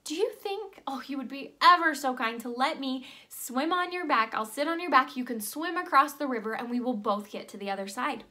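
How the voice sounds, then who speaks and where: A woman voicing a sly, sweet-talking male scorpion in a spoken fable, soft and coaxing. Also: high voice, animated, a little fast, hardly any pauses.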